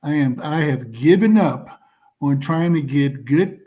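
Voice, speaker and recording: Slow, mellow-voiced man in his sixties. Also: on the high side, lively intonation. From New Mexico. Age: 60s. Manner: slow, blunt and matter-of-fact. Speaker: panelist. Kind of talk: casual chat.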